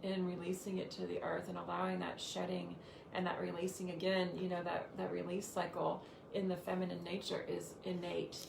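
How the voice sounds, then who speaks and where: A woman with a gravelly, creaky voice gives casual spiritual teaching and leads affirmations. She speaks in an echoey room with clear background noise. Her talk is loose and full of "you know" fillers. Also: on the low side, monotone, fairly quick. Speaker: spiritual teacher hosting the episode.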